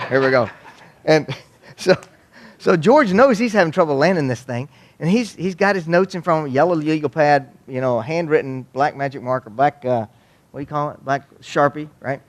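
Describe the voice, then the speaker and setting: Folksy man telling funny stories. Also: a little high. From Waco, Texas. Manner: folksy, joking, animated. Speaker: youth ministry speaker. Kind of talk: humorous storytelling talk to an audience.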